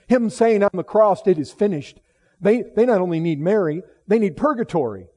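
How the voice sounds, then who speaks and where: High, mellow-voiced emphatic male preacher. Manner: emphatic, rising from low solemn tones to loud exclamations; repeats and restarts phrases. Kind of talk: sermon.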